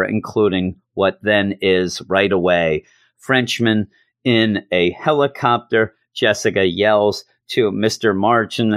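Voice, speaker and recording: A man's voice: on the low side, fairly bright tone, no room sound, studio quality. A man giving a casual spoken comic book review, blunt and exasperated, with casual swearing.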